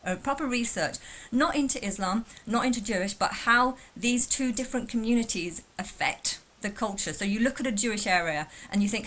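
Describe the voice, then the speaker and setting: A woman's voice: on the high side, animated, brisk, a bit bright. A woman from England talking casually in a reaction vlog, rambling with frequent restarts and repeated words. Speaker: vlogger reacting to a video.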